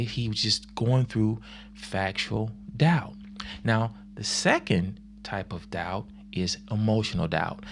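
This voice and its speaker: A man's voice: mid-range voice, vocal fry, a little hiss or hum. A man who works as a youth minister, teaching on faith in a casual, conversational way that is full of fillers and acted-out quotes.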